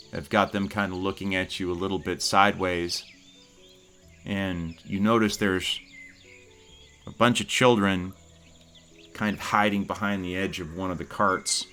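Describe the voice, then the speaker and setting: A man's voice: sits low, a bit bright. A man narrating a tabletop game as game master, in loose and rambling speech with frequent restarts.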